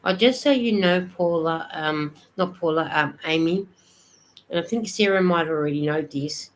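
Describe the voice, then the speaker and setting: A woman's voice: fairly low pitch, moderate pace, low-quality recording. An Australian woman chatting casually on a live stream, reading viewers' comments aloud and answering them as she goes.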